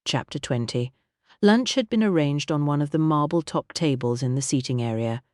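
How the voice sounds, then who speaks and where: A man reading an audiobook in a measured, wry storytelling manner. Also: fairly high pitch, a little mellow, no room sound, studio quality. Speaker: audiobook narrator. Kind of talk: scripted narration.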